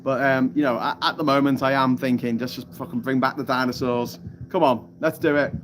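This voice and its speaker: Man hosting a live stream; loose, sweary, laughing chat with viewers, mid-pitched. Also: steady tone, a little fast, a bit bright, a little hiss or hum. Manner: rambling, sweary, laughs a lot. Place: hammock on an island lagoon, outdoors.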